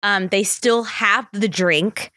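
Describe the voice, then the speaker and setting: A woman's voice: medium pitch, slow, bright, forceful tone, dry recording, clean studio sound. A young woman hosting a podcast, telling a story in a blunt, profane casual chat, full of "like" fillers. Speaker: podcast host.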